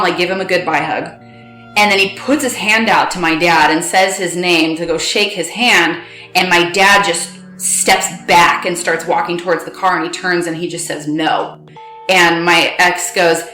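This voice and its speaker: Woman, young adult, low voice, halting personal storytelling, roomy echo. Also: bright, forceful tone. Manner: halting, replays dialogue in quotes. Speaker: guest recounting her story.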